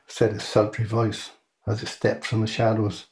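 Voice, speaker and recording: A man reading his own comic short story aloud in a dry, deadpan manner. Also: lowish voice, normal speed.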